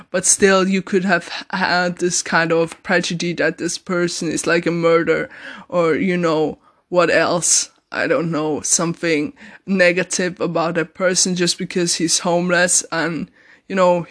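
High, even-toned man reviewing a drama. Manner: earnest and rambling, many hedges and restarts. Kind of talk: casual spoken review.

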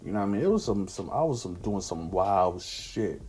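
Slangy man telling a story, husky and mellow. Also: low-pitched, animated, normal speed. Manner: slangy, profane, laid-back street talk. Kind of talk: casual personal anecdote.

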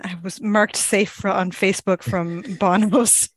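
A woman's voice: medium pitch, steady tone, measured pace, no room sound. A woman in her thirties with a Canadian accent, co-hosting a podcast in casual chat with a dry, laid-back humor. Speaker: podcast co-host.

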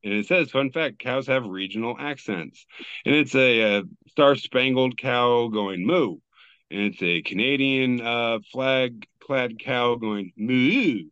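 Bright, crisp-voiced man hosting a podcast. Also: medium pitch, slow pace, no echo, highs cut off. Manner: loose, joking, swears freely. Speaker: podcast host. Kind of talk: casual chat, reading memes aloud.

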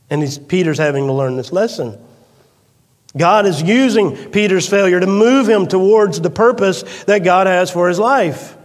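Pastor, male, slightly high voice, dramatic preaching that drops to a hush; echoing sanctuary. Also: moderate pace. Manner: swings from loud emphatic peaks to hushed quiet storytelling. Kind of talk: sermon. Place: church sanctuary. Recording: long reverb of a church hall.

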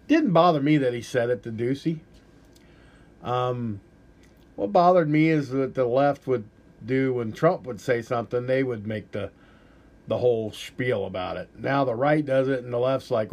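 A man's voice: medium pitch, unhurried, a little mellow. A man hosting a podcast, giving rambling, profane, blunt political commentary in a casual way. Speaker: podcast host.

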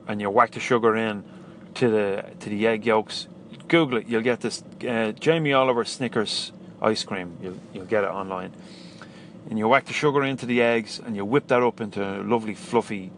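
An Irish-accented man hosts a solo podcast, talking casually and enthusiastically in a chatty, rambling way with plenty of restarts. His voice is lowish, with a little hiss or hum in the recording.

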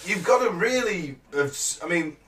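A man's voice: high voice, lively intonation, moderate pace, a bit bright. A man co-hosting a casual chat, rambling with restarts and sweary asides, recorded in an echoey room away from the mic. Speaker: podcast co-host. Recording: roomy, far from the mic.

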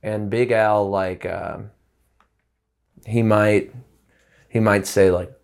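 Man, lowish voice, musician guest, relaxed chat, rambling, lots of restarts and fillers. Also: slow pace, vocal fry, clean tone. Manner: loose and rambling, full of "like" and restarts. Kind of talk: casual interview chat.

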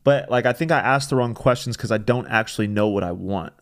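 A man's voice: lowish voice, a little fast. Man musing about his faith, rambling. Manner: rambling, reflective, filler-heavy with many restarts. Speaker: pastor. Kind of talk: casual faith podcast chat.

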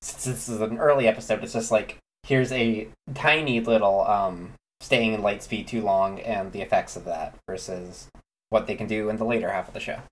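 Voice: mid-range voice, steady tone, normal speed, poor audio. Podcast co-host in loose casual chat. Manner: loose, filler-laden.

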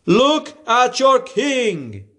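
A man's voice: very high-pitched, huge pitch swings, extremely slow, bright, forceful tone, pitched above the performer's own voice, full character voice. A man reading as an uneasy Roman governor. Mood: exasperated. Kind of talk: scripture reading.

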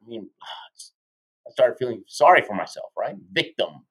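A man in his fifties, a motivational speaker telling stories as a podcast guest, energetic and tagging lines with "right?". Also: mid-range voice, moderate pace, slightly rough, low-quality recording. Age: 50s. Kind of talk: animated storytelling in a podcast interview.

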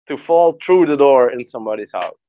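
A man's voice: mid-range voice, expressive, no echo. Man, dull lo-fi sound. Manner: hesitant, halting explanations. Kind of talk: casual chat.

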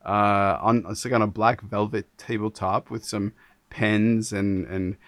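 A man from Canada hosting a casual interview, animated and talking in quick restarts and repeated words. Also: on the low side, no room sound. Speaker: podcast host.

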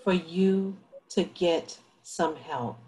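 A woman playing the gentle ghost of a departed lover, speaking calmly and tenderly in a stage play. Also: lowish voice, slight background noise, rough recording. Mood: tender, soothing. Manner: slow, calm, ghostly and tender.

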